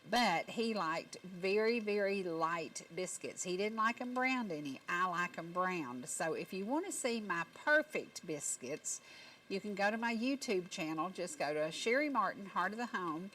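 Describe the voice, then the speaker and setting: A woman's voice: mid-range voice, a bit bright, a little hiss or hum, poor audio. A middle-aged woman with a Southern Appalachian accent, hosting a local talk show and telling folksy stories in country phrasing. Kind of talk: homespun talk show monologue. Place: TV studio set.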